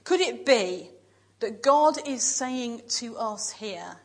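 Woman preaching in church, a bit husky, higher voice, slow emphatic lists. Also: lively intonation, poor audio. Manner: measured, emphatic lists with pauses. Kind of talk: sermon.

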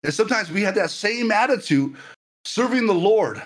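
A man's voice: high-pitched, lively intonation, normal speed. A man preaching a sermon to a livestream audience, earnest and full of stammered repetitions.

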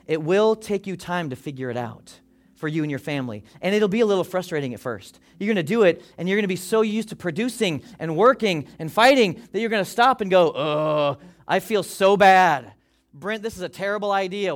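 A pastor with a fairly high voice preaches animatedly to his congregation, voicing people's worries in quick quoted asides.

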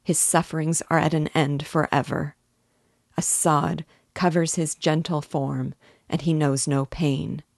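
A woman voicing a gentle, grieving young man who comforts his friend, read with tender sorrow. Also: low voice, flat delivery, a little slow, gravelly, no echo, clean studio sound, full character voice. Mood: mournful.

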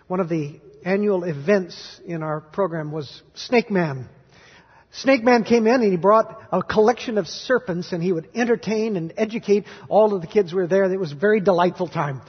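A man preaching a sermon as pastor, telling stories dramatically and moving from hushed to loud. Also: high-pitched, husky. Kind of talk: sermon with storytelling. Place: church sanctuary. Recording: dull recording in a reverberant hall.

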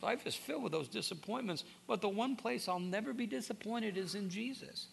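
A man delivers a sermon in an earnest, pleading way, stumbling over repeated words as he builds his points. His voice is gravelly with fry and sits a little high for a man. A faint hum runs under the recording. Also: animated, fairly quick. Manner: earnest, repeats words when starting sentences. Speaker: pastor.

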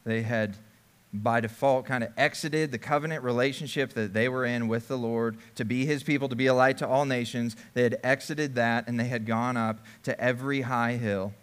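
A man's voice: medium pitch, fairly even intonation, normal speed, clear, resonant tone. A man preaching a sermon, first reading scripture aloud and then explaining it in a conversational way. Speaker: pastor.

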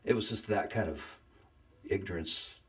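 A guest with a low-pitched voice shares his faith story in a casual conversation. He's earnest and emotional, often pausing to search for words.

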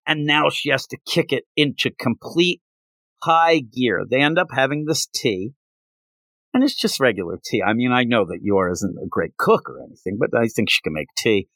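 A man's voice: mid-range voice, lively intonation, normal speed, fairly bright tone, no room sound. A man hosting a podcast, recapping a manga chapter in a rambling, casual storytelling style full of fillers. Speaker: podcast host.

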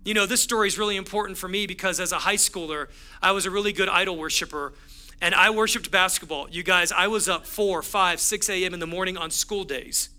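High, bright-voiced man preaching. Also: brisk, clean tone. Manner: energetic, conversational preaching with lively storytelling. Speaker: pastor. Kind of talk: sermon.

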